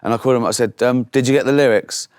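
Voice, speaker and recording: A man's voice: mid-range voice, fairly even intonation, rapid-fire, a little mellow, clean tone, dry recording, studio quality. A man, telling anecdotes in a casual chat and acting out other people's voices. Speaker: guest comedian.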